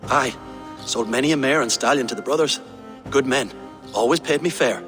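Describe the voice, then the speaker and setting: An actor playing a nervous, agreeable stable hand in a video game. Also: male voice, medium pitch, normal speed, a bit bright, in a large hall, faint music behind, close to an everyday voice. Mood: meek.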